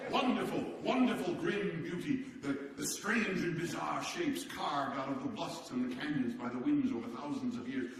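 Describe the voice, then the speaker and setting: A man playing a hearty, boastful statesman from the turn of the century, telling stories to a seated audience in a theatrical, animated way with chuckles. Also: a little high, slight background noise. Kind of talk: live historical character monologue. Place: large hall with a seated audience. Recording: echoey hall, distant mic.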